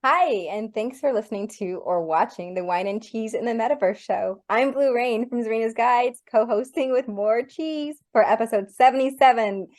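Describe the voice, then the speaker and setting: A woman's voice: a little high, normal speed, hardly any pauses, a little mellow. A woman co-hosting a podcast in casual chat, chatty and laughing a lot, a little self-conscious. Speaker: podcast co-host and content creator.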